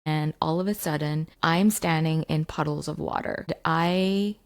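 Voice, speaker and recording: A mindset coach tells a story to camera from her home basement, her deep voice steady and unhurried. She talks in a chatty way, full of fillers.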